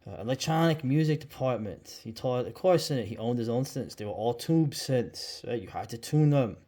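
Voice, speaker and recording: A man talks casually through a book he likes, in a loose and rambling vlog. His voice sits at an ordinary middle pitch, full of "uh" and "right?" as he jumps from one point to the next. His talk is easygoing and now and then profane. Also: expressive, normal speed, warm tone. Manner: rambling, lots of fillers and asides; casual, swears, says "dude" and "right?". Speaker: book reviewer.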